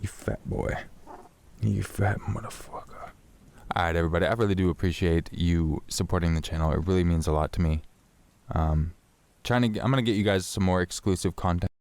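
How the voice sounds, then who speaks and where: A man's voice: sits low, fast talker, a little mellow, smooth. A man chatting casually on a livestream while he plays, rambling, swearing now and then and thanking viewers. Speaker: game streamer.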